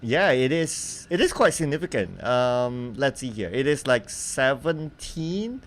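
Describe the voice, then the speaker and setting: A man casting a mobile esports match live, in a relaxed, chatty way and laughing easily. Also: mid-range voice, unhurried. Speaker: esports caster. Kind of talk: live game commentary. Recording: faint background noise.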